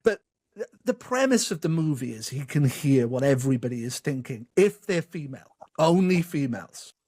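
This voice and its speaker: A man's voice: medium pitch, very animated, moderate pace, mellow. A man hosting an interview, chatting casually and rambling through an anecdote with many fillers. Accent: non-American. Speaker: podcast host.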